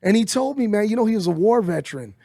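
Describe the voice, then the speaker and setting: A middle-aged man, telling a story as an interview guest, animated and swearing as he acts out quotes. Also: high-pitched, fast, gravelly, no echo, studio quality. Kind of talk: casual storytelling.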